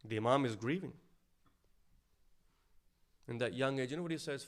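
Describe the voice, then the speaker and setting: A man giving a sermon, telling a story and dropping to a hushed voice for its sad lines, then rising louder to stress his points. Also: moderate pace. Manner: storytelling, drops to a low hushed voice for sad quotes. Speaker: speaker at an Islamic centre.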